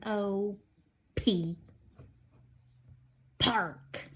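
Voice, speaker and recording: A woman's voice: mid-range voice, vocal fry, warm tone. A woman teacher giving a recorded video lesson to young children, counting and spelling aloud in an encouraging, singsong way.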